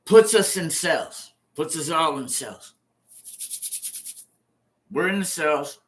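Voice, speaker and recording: Speaking slowly in an animated voice on the high side, this former prisoner in his fifties recounts his own life casually. He curses, repeats things, and brings the scenes to life with sound effects.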